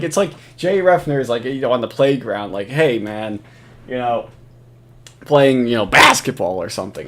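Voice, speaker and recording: Profane, mocking male commentator. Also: mid-range voice. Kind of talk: reaction commentary over footage.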